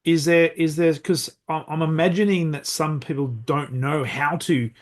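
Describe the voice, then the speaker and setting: A man's voice: on the high side, steady tone, moderate pace. A man hosting an interview podcast, asking long questions with frequent restarts. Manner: probing, with repeated restarts. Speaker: podcast host.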